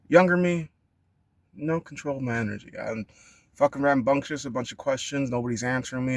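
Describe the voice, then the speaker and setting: A man talking in a rambling, profane monologue that sometimes bursts into high-pitched shouting. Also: a little hiss or hum. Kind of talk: casual monologue rant.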